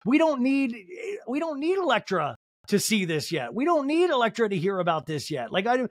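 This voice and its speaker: A man's voice: very high-pitched, very animated, moderate pace, dry recording, studio quality. A man hosting a comedic solo TV recap podcast, talking with sarcastic, joking asides. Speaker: podcast host.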